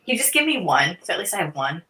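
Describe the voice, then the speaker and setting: A woman's voice: lowish voice, very animated, fast talker, background noise. A woman with a Northern US accent co-hosting a livestream, bantering playfully, teasing and tripping over words. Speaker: stream co-host.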